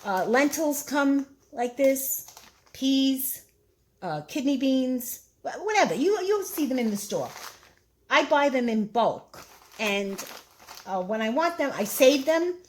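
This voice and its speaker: A woman's voice: high-pitched, lively intonation, takes it slowly, slight background noise, rough recording. A woman with a Brooklyn accent giving a casual, chatty cooking how-to, rambling a little and repeating herself with fillers. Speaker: cooking vlogger.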